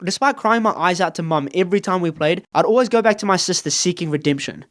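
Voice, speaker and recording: A man's voice: high voice, fast talker, a bit bright. A young man telling funny childhood stories in a playful, wry, self-mocking way. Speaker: storyteller. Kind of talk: comedic storytime narration.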